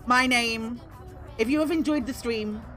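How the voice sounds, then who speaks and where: A woman's voice: a little high, fairly bright tone. A woman game streamer chatting casually and playfully while she plays, often breaking into giggles. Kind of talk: casual live-stream chat.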